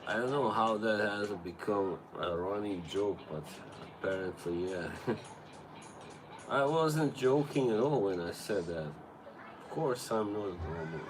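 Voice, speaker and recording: This livestreamer, a man with a Serbo-Croatian accent, talks in a lowish, expressive voice at a measured pace, meandering, swearing, and laughing often. Background noise comes through his tablet's built-in mic.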